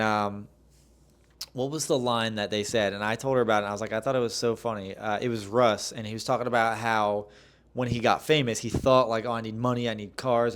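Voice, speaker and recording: A young man hosting a solo podcast, talking casually and candidly in a rambling way, full of fillers and the odd curse. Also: mid-range voice. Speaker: podcast host.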